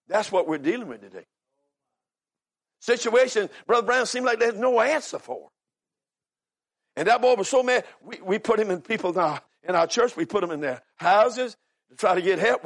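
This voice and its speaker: A man, preaching a sermon with fervent swings from hushed storytelling to shouted cries, often calling out "amen.". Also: sits high. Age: 70s. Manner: peppers talk with "amen" and "are you listening". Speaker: visiting preacher.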